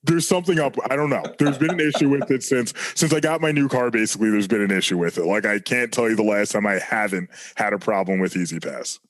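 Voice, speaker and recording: A man's voice: fairly low pitch, fast, few pauses. Ranting New man, podcast co-host. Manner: heated ranting, swearing freely. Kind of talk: casual podcast chat.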